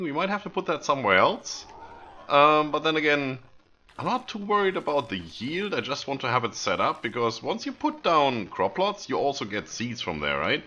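A man's voice: medium pitch, bright, forceful tone, dull audio. A man hosting a gaming video, giving casual, self-amused commentary to viewers as he plays. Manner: chatty, self-amused, talks to viewers while playing.

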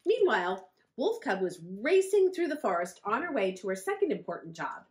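Expressive woman reading a picture book. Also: mid-range voice, fairly quick. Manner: expressive, friendly storytelling. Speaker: children's librarian.

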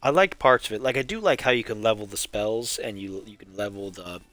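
A man's voice: on the low side, brisk, a bit bright, no echo, faint music behind. A man giving wry, rambling running commentary while he streams a game. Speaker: streamer playing through a game marathon. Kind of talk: casual live-stream commentary.

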